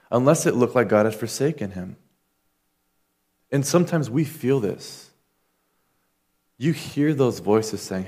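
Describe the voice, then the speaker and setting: A man's voice: mid-range voice, lively intonation, normal speed, a little mellow, husky. A man preaching a sermon in an earnest, conversational way, acting out quoted lines as he goes. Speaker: pastor.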